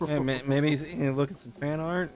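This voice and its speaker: A man's voice: fairly high pitch, steady tone, normal speed, over music. A man streaming a game with a friend, teasing and joking and reading game text aloud. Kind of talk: casual stream banter.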